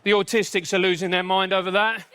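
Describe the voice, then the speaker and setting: A man's voice: high-pitched, flat delivery, pushed and bright, clean tone. A man with an English accent performing live stand-up comedy in a punchy, self-mocking way. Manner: punchy, self-mocking delivery with quick asides.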